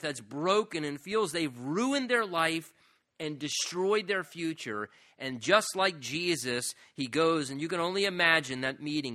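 Guy preaching a sermon, bright forceful voice, kinda high, gets dramatic on the quotes. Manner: emphatic, acts out quoted lines with rising pitch. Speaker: pastor.

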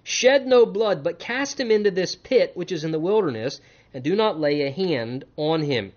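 Male pastor working through scripture verse by verse; punchy emphasis, hushed asides, slightly raised voice, muffled lo-fi capture. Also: fairly high pitch, expressive, moderate pace. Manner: emphatic, varies between loud stresses and quiet asides. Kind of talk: expository sermon reading scripture with commentary. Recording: dull lo-fi sound.

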